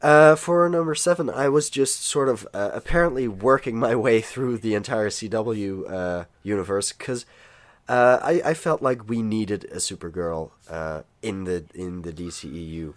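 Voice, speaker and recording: A man talking as a podcast guest in casual chat, his voice rough from a cold, rambling and restarting his sentences. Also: fairly low pitch, moderate pace, no room sound.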